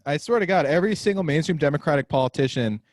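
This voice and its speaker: Animated podcast guy on a video call, voice jumps all over, dry sound. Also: fairly high pitch, dry recording. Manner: animated, swearing, quick asides. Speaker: podcast co-host. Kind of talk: casual chat.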